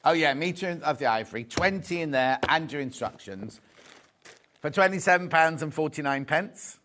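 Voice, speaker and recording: Male shopping-channel host, light higher voice, jokey and chatty, corrects himself as he goes. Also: animated, moderate pace, bright, forceful tone, a little hiss or hum. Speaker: shopping TV presenter. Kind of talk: live selling chat, reading viewer messages. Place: TV studio.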